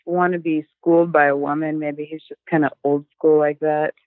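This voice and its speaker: Soft-spoken woman on a dull line. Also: low voice, level tone, moderate pace, no echo. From Ukraine. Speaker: caller. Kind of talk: phone-in advice chat.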